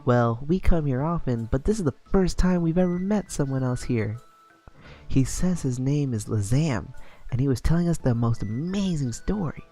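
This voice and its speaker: A man voicing a friendly, cheerful young male hunter in a bright, chatty way. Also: mid-range voice, animated, normal speed, faint music behind, pitched above the performer's own voice.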